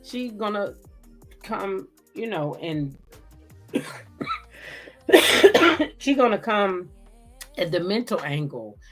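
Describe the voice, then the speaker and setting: A woman's voice: medium pitch, animated, takes it slowly, pauses often, soft background music. A woman hosting a casual livestream recap, chatting loosely, greeting viewers by name and cursing freely. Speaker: host.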